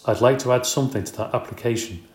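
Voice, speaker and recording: A man reading the lines of a brisk, matter-of-fact woman schoolteacher in a storybook. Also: mid-range voice, darkish tone, echoey room, natural voice.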